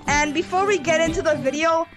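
A woman with a very high voice hosts a game video in casual commentary, bossy and excitable as she repeats herself. She speaks into a headset, and game music plays under her voice clearly throughout. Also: a little fast.

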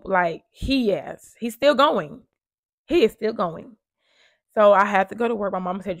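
A woman's voice: medium pitch, unhurried, creaky, no echo, clean studio sound. A woman in her thirties earnestly telling her own life story to camera in a conversational way. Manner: earnest, conversational, shifting from hushed to emphatic.

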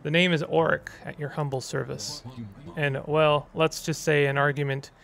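A man's voice: a little high, flat delivery, normal speed, creaky, a bit bright. A man voicing a charming, theatrical male sidekick locked in a cage, speaking in a wry, courtly way. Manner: wry, courtly, self-amused.

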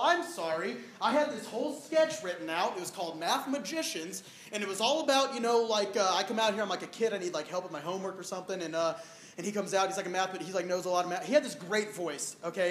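A young man in a live comedy sketch, ranting in exasperation and swearing. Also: high-pitched. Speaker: sketch performer. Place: small stage before a live audience. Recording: echoey room, noisy stage recording.

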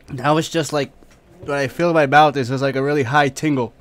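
A man's voice: on the high side, steady tone, normal speed, fairly bright tone, slight background noise. A man on a live stream, coughing, sniffling and drooling as he talks casually, cursing freely and wincing in pain.

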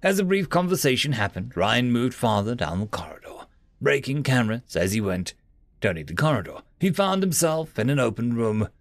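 A man narrating a science fiction story for his channel, reading with expressive, dramatic delivery. His voice has a gravelly grain and swings widely in pitch. The recording is dry and close. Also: normal speed, no echo. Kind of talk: reading Reddit sci-fi story aloud.

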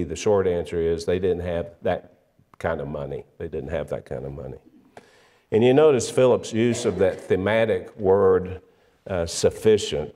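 A man delivers a sermon at an unhurried, deliberate pace, his voice sitting a little low. He leans on key words for emphasis and often backs up to restart a phrase. The sound carries the long reverb of a church hall. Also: mellow. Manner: measured, emphatic, with frequent fillers and restarts. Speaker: preacher. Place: church sanctuary.

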